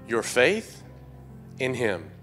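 A middle-aged man preaching a sermon as pastor in a church, calling out to the congregation and rising from low confiding tones to loud shouts. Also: very animated, drawn-out words, soft background music. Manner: call-and-response preaching, surging to shouts.

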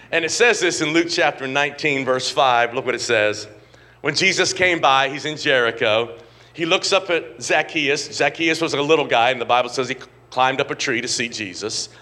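A middle-aged man preaching a sermon, swinging from quiet, low asides to loud, shouted emphasis and often calling out to the congregation. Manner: repeats words and calls on the congregation. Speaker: pastor.

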